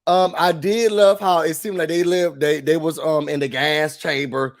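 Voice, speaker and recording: Brief: high-pitched male co-host, nasal from a cold, animated recap chatter with acted-out quotes. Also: moderate pace, vocal fry. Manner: animated, acts out quotes with big shouts. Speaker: podcast co-host. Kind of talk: casual recap chat.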